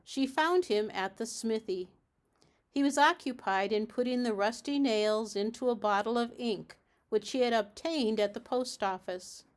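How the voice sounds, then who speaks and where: A woman from a library reading a children's storybook aloud in a steady, measured way. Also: a little high.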